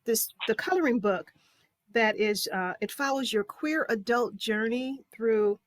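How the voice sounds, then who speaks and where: A woman's voice: on the high side, expressive, a little slow, dry recording. A woman hosting an interview, asking rambling, hesitant questions. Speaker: podcast host. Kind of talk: casual interview.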